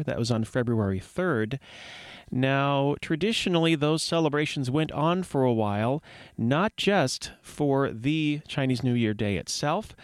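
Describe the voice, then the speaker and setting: A man's voice: mid-range voice, dry recording, clean studio sound. A man hosting a radio show, announcing songs and local events in a folksy, rambling way that often restarts sentences. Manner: rambling, folksy, corrects himself mid-sentence.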